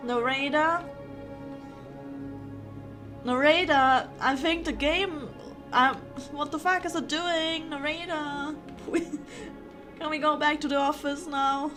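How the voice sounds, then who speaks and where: Giggly high-voiced German woman streamer. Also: steady tone, takes it slowly, pauses often, over music. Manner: playful, giggly, swears often. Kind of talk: casual gaming commentary.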